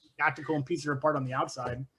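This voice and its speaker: A man with a somewhat high voice chats on a relaxed podcast panel. He keeps things light and easygoing, slipping in jokes between his points. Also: rapid-fire, breathy edge. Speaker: podcast co-host. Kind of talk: casual podcast discussion.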